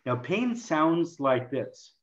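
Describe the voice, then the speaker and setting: A man speaking as a guest in an interview, explaining communication to health practitioners in an animated way and acting out quoted lines. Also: a little high, slow pace, reverberant, muffled recording. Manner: animated, acts out patients and himself in quoted lines. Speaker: health coaching expert guest.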